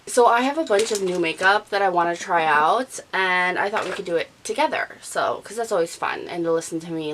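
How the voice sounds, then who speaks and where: Woman in her thirties, nasal and stuffy, lower-pitched, chatty beauty vlog talk. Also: expressive, a little fast, hardly any pauses, fairly bright tone, slight background noise, poor audio. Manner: chatty, rambling, talks while applying makeup. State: stuffy from allergies. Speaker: beauty vlogger. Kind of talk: casual chat.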